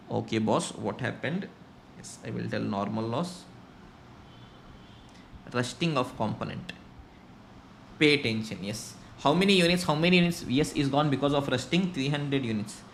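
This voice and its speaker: Animated Indian English male teacher. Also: medium pitch, a little hiss or hum. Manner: animated, rhetorical questions to students. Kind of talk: classroom lecture.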